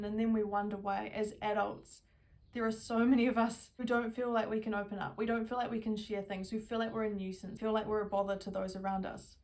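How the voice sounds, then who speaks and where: Woman therapist teaching a self-help lesson, soft and reassuring, medium-pitched voice, unhurried. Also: recorded from a distance. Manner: gentle, slow, reassuring, repetitive affirmations.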